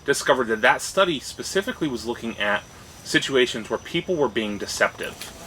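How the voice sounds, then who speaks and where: A man's voice: mid-range voice, expressive, brisk, pushed and bright, a little hiss or hum, poor audio. A man co-hosting a casual discussion show, talking thoughtfully and often checking in with "right?". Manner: thoughtful, restarts phrases, rising "right?" checks. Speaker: podcast co-host.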